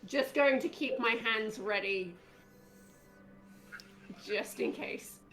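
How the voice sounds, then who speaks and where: Gravelly-voiced woman player, hesitant. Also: medium pitch, slow pace, a bit bright, soft background music. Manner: hesitant, lots of "like" and "literally". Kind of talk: casual tabletop play.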